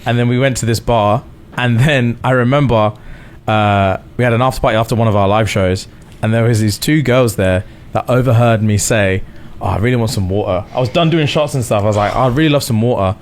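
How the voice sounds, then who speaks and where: A podcast host, telling a laid-back story in casual chat and swearing casually. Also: male voice, medium pitch, fairly quick.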